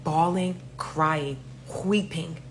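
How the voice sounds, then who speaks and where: A young woman from New York with a New York accent, telling a story in a casual, animated way, swearing freely and acting out the other voices. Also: sits low, extremely slow, a little hiss or hum.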